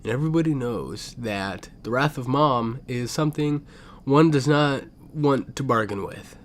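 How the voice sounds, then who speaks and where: A young man telling a comedic story, swinging between loud outbursts and muttered asides. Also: mid-range voice, measured pace.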